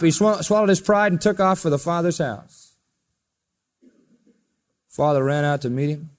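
A man preaching a sermon, telling the story with emphasis and swinging between loud and soft passages. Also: on the high side, fairly even intonation, normal speed, long pauses. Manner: storytelling, emphatic, rises and drops in volume. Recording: long reverb of a large hall.

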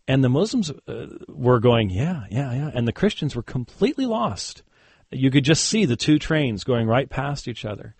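Medium in pitch but darkish and husky, a man's voice comes through without echo. He's a guest on a conversational interview, a Christian debater casually recounting a story with many fillers and laughing asides.

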